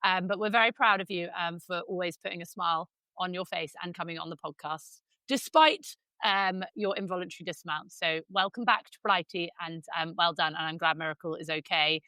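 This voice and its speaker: A woman's voice: on the low side, fairly quick, few pauses, pushed and bright, smooth, dry recording. A woman hosting a podcast in casual chat, teasing her guests and swearing lightly. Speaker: podcast host.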